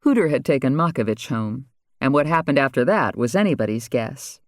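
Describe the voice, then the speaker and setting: A man's voice: mid-range voice, animated, fairly quick, no echo. Man narrating a crime audiobook, dry sound. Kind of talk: scripted narration.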